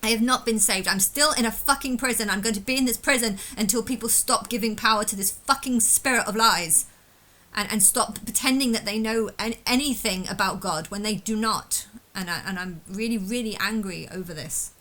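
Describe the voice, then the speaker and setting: Bright-voiced woman ranting angrily. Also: mid-range voice, fairly quick, low-quality recording. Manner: angry, bitter ranting with frequent swearing. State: emotionally distressed. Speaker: vlogger. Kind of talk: unscripted personal monologue.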